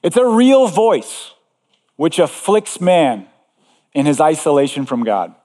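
A man's voice: fairly high pitch, big pitch swings, slow, dark tone. Emphatic preacher man in reverberant hall. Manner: earnest, emphatic preaching with repeated phrases. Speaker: pastor. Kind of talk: sermon.

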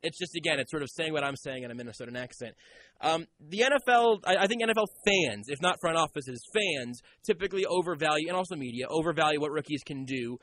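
A man's voice: fairly high pitch, lively intonation, fast talker, a bit bright, rough recording. A man hosting a casual sports talk show, chatty and jokey as he leads the questions. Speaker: sports radio host.

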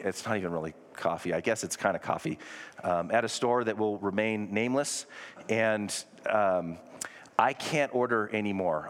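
A man preaching a conversational sermon to a congregation, with self-deprecating asides. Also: lowish voice. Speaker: pastor. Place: church sanctuary. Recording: long reverb of a large hall.

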